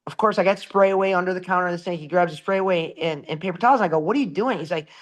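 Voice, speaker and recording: A middle-aged man in a casual podcast chat, telling lively anecdotes about selling shower doors and acting out the quotes, swearing now and then. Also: high-pitched, racing. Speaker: shower door salesperson.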